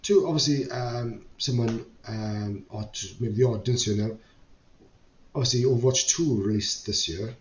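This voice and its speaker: A man's voice: medium pitch, moderate pace. A man hosting a casual podcast chat, hesitant, with many fillers and restarts. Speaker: podcast host. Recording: roomy, dull lo-fi audio with faint noise.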